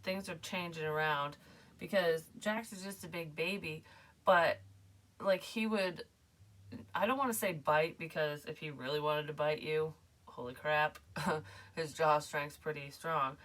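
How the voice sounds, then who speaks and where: Rambling, profane woman with a lowish voice. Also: fairly even intonation, unhurried, a bit bright, distant mic. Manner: rambling, profane, laughs often. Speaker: psychic medium doing card readings. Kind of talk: casual reading chat.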